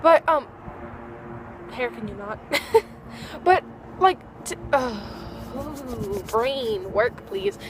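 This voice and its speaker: A woman's voice: high voice, very animated, very slow, pauses often, crowd noise. A teenage girl vlogging outdoors at dusk, chatting in a bubbly, rambling way and acting out little dialogues. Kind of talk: casual chat to camera.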